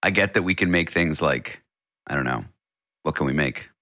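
A man in his forties hosts a radio chat segment with a low-pitched voice that still rings bright. He banters casually and pokes fun at himself. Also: normal speed. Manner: joking, self-deprecating banter. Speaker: radio host.

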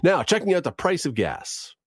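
A man's voice: on the high side, very animated, normal speed, slight background noise. A man hosting a radio segment, reading news and on-this-day trivia in a casual, chatty way with wry asides. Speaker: radio host.

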